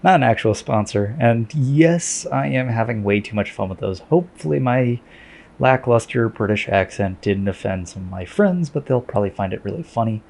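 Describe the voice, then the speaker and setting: A man's voice: mid-range voice, expressive, normal speed, gravelly, darkish tone. A man commentating his own sim race in a chatty, self-deprecating way.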